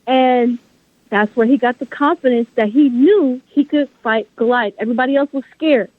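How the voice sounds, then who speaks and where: A female author joins an interview by phone, her high-sitting voice moving at a moderate pace. The dry, echo-free line carries her passionate, emphatic, faith-driven words, spoken with firm conviction.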